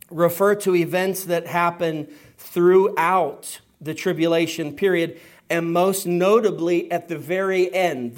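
Slow, emphatic male preacher. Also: a little high. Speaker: pastor. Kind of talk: sermon.

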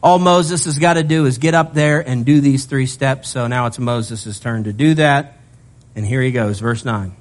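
A male pastor preaching a sermon in an animated way, mixing scripture reading with humorous asides. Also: mid-range voice, a little slow.

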